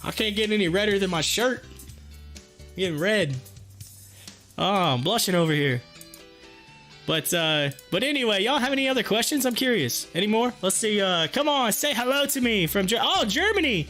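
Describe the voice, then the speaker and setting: Excited high-voiced man chatting on a livestream. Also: moderate pace, faint music behind. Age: adult with kids. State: hoarse, losing his voice. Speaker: livestream host reading chat. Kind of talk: casual livestream chat.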